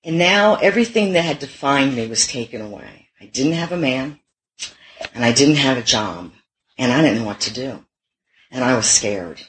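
A woman's voice: rumbling low, expressive, normal speed, poor audio. A middle-aged woman telling her own recovery story to a meeting, candid and self-mocking, with wry humor. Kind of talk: personal recovery talk.

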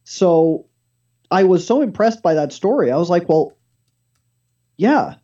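A man's voice: high voice, animated, normal speed, warm tone, highs cut off. A man appearing as a talk show guest, telling a story with animation and acting out the dialogue himself.

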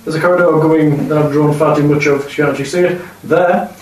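A man guides his players through a dungeon, slightly high in pitch and wry in tone. He sits well away from the mic in an echoey home room with steady hiss behind. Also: fast, recorded from a distance. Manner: wry, talks through the map as he draws. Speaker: game master. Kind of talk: running a tabletop game.

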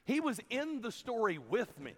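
A man preaching a sermon, telling a story with lively acted-out dialogue. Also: extremely high pitch, normal speed. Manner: animated storytelling, acting out dialogue. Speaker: camp preacher. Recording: long hall reverb.

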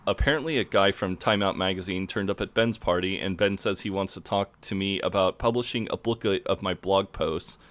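A man with a fairly low voice talks through an episode in easy podcast chat. He quotes characters' lines in a dry, offhand way. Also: a little fast, few pauses, a bit bright, no echo. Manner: recounts scenes, quoting lines dryly. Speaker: podcast co-host. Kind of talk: casual recap chat.

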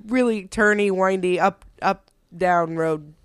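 A woman co-hosting a casual chat podcast, telling parenting stories in an animated way and laughing often. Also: lowish voice, a little slow, smooth, no echo, studio quality.

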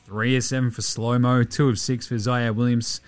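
A man hosting a daily sports podcast, talking fast and loose with swearing as he rattles off stats. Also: mid-range voice, no room sound, faint music behind. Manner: energetic, profane, rattling off stats. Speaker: podcast host.

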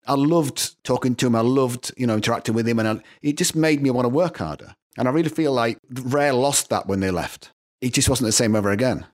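A middle-aged man with a Northern English accent, telling animated stories with frequent laughs as a guest in a casual interview. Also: mid-range voice, fairly quick. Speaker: guest composer.

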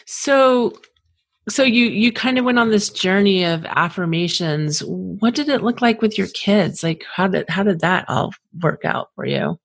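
A woman's voice: mid-range voice, expressive, a little slow, slightly rough, dry recording. A woman hosting an interview, affirming her guest and reflecting on her own past. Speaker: host. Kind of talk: interview conversation.

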